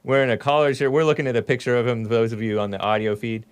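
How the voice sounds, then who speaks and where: A man's voice: medium pitch, flat delivery, quick pace, clear, resonant tone. Male host of a call-in show, sarcastic, laughs a lot, mid voice. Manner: sarcastic, laughs often, steers the talk.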